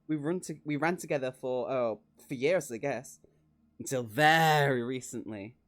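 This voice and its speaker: A man's voice: medium pitch, moderate pace, fairly bright tone, natural voice. A man voicing a determined woman warrior opening a shop, in a casual read with small stumbles.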